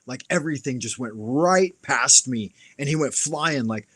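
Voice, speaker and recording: A man telling a rambling, profane story on his live stream, with a plain mid-range pitch. He talks loosely and lively, and from time to time he acts out what people said. The sound is dry and close, with almost no room in it. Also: a little slow, husky, no room sound. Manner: profane, animated anecdote-telling with acted-out quotes. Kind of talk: casual storytelling.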